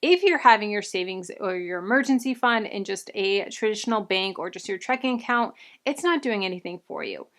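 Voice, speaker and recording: A woman's voice: mid-range voice, animated, a little fast, fairly bright tone. A young woman talking through personal finance tips in a casual, upbeat way, a little out of breath from her pregnancy. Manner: upbeat, friendly, enthusiastic recommendations. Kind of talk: casual advice talk to camera.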